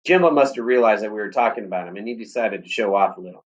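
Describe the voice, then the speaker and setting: A man reading a story aloud in steady, plain audiobook narration. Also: on the low side, racing, muffled recording.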